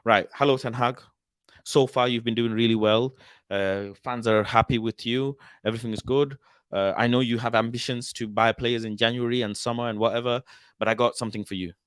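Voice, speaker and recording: A man's voice: medium pitch, steady tone, a little fast, fairly bright tone, smooth, dry recording, studio quality, natural voice. A man voicing a blunt, businesslike male club owner in a role-play, speaking curtly and matter-of-factly. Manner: curt, matter-of-fact.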